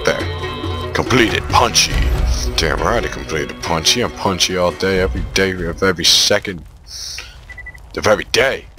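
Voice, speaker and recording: A man commentating on his own shooter gameplay, excitable and trash-talking the enemies. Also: sits low, moderate pace, music in the background. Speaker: gamer playing a shooter. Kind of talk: let's play commentary.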